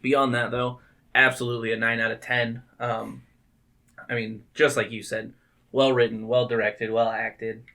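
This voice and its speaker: A man co-hosting a casual movie podcast, swearing often and animated, jumping into voices when he quotes scenes. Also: mid-range voice, normal speed. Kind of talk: casual chat.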